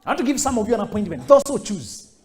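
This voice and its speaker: A middle-aged man giving a motivational speech to high school students and acting out the people he quotes. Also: fast. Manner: animated, acts out quoted voices. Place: school hall. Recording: echoey hall.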